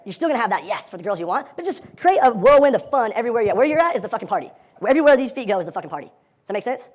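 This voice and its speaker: A high-voiced man leads a live dating seminar, full of energy and profanity, acting out the lines he quotes as he addresses his audience.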